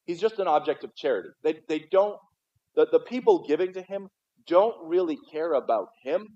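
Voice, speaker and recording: A man's voice: a little high, expressive, normal speed, warm tone. A man preaching a sermon as pastor in a church, talking conversationally and often stumbling and repeating his words. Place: church sanctuary. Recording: dull, muffled livestream audio.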